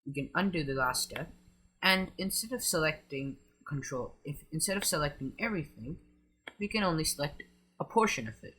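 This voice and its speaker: A man hosts a software tutorial, walking through each step in plain words. His voice is bright and slightly high. He keeps joining steps with "so" as he moves along. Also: expressive, brisk. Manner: explains step by step with frequent "so". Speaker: tutorial host. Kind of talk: screen-recorded software tutorial.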